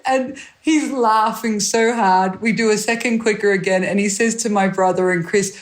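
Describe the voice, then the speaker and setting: A woman guest, a rally co-driver, telling stories in a chatty, animated way, acting out the voices of people she quotes and laughing often. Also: fairly high pitch, moderate pace, hardly any pauses, faint music behind. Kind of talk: animated anecdotal storytelling.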